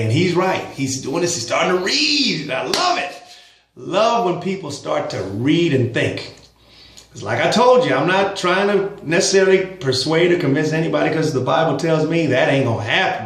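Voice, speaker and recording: A man's voice: on the high side, lively intonation, moderate pace, a bit bright, roomy sound, rough recording. A man vlogging casual religious commentary, speaking emphatically with chuckling asides.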